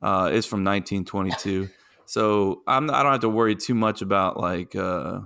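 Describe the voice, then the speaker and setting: A man's voice: lowish voice, normal speed, creaky, fairly bright tone, clean tone. Laid-back young man hosting a podcast. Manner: laid-back, rambling storyteller. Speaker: podcast host. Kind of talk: casual chat.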